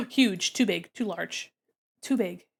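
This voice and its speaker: While drawing live on stream, a woman chats playfully and describes what she's doing at each stage. Her mid-range voice is creaky and husky, slow-paced but with lively intonation.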